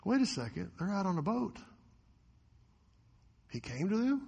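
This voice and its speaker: A man preaching a sermon as a pastor, animated, often acting out the voices of the people in the story. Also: high-pitched, measured pace, gravelly, breathy edge, in a large hall.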